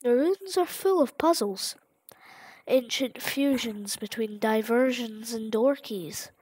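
A gentle, motherly goat-like guardian from a video game, put on by a woman as she plays, soft, formal and reassuring. Her voice is pitched high and the delivery is slow and careful. It sounds close and dry. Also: husky, no room sound, rough recording. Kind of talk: reading game dialogue aloud.

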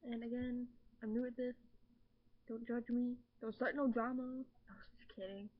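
A woman's voice: a little high, level tone, normal speed. A woman chatting casually in a rambling, self-deprecating way, recorded with a laptop webcam mic. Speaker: vlogger. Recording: dull lo-fi laptop webcam audio.

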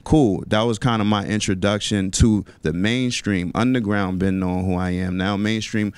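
Radio guest: New man, relaxed street slang, smooth low voice, dry studio mic. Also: normal speed, no echo. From New York. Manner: laid-back slangy talk with many fillers. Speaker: rapper and songwriter guest. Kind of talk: casual radio interview.

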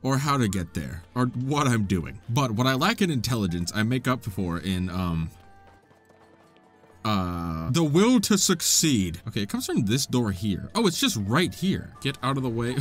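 Young male let's-play host, self-deprecating jokester, animated pitch, faint game music underneath. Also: moderate pace. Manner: joking, self-mocking, talks to game characters. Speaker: gaming YouTuber.

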